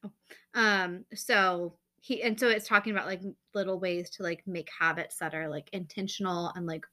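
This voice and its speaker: A woman's voice: lowish voice, fairly even intonation, normal speed, pushed and bright. A woman in her thirties co-hosting a casual chat podcast, rambling and chatty with lots of fillers. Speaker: podcast co-host.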